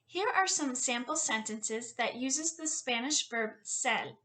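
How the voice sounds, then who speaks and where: A woman tutor teaching a language lesson over a headset mic, repeating each word slowly for her learners. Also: high-pitched, bright, forceful tone. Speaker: Spanish tutor. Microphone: USB headset.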